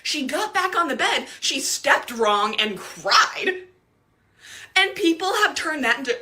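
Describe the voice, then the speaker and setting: A woman's voice: high voice, sing-song, unhurried, bright, forceful tone. A woman ranting in casual commentary, profane and exasperated, often laughing as she talks. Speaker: TikTok commentator.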